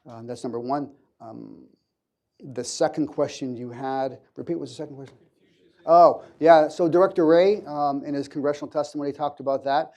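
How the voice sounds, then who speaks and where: A man, a government counterintelligence official, answering questions on a conference panel in a measured way with frequent fillers and restarts. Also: medium pitch, little pitch movement, vocal fry, dark tone. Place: conference hall.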